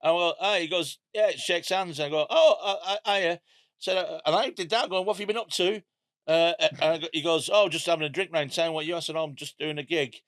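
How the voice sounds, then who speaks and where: A man's voice: on the high side, fairly even intonation, fast, few pauses, a bit bright, dry recording, clean studio sound. A man, a comedian on a podcast, telling anecdotes in casual chat with laughs.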